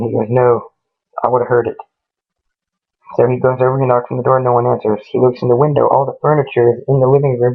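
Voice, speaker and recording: A man tells a ghost story off the cuff, stringing events together and reporting every exchange with "he goes" and "she goes". His voice is gravelly and fairly flat at an ordinary pitch. The recording is thin and phone-like. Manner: rambling, retells dialogue with frequent "he goes", "she goes". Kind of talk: casual spoken ghost story.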